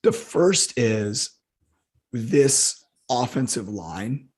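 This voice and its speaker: Hoarse man ranting about football. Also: mid-range voice, lively intonation, very slow, a little mellow. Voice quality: husky. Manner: heated, profane ranting. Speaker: football analyst co-host. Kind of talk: casual podcast chat.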